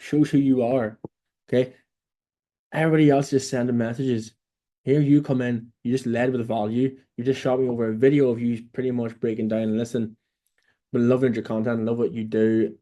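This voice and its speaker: A young Irish man who works as an online business coach speaks to beginners in a casual, blunt monologue, swearing freely and ending lines with "right?". His voice is mellow and medium-pitched, recorded on a phone or camera mic in a room.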